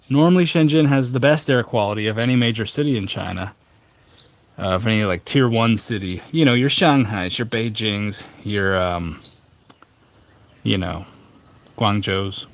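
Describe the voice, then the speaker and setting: A man hosting a casual tea livestream from a rooftop, talking in a rambling, chatty way full of fillers. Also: mid-range voice. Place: outdoor rooftop.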